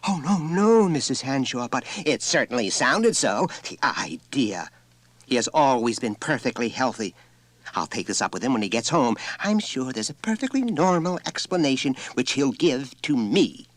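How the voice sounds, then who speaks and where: A man's voice: mid-range voice, big pitch swings, normal speed, dry recording, voice pushed up. A man voicing a proud, well-bred mother who answers in a chilly, indignant, emphatic way, in a dry audiobook reading. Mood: haughty. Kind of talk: audiobook character voice.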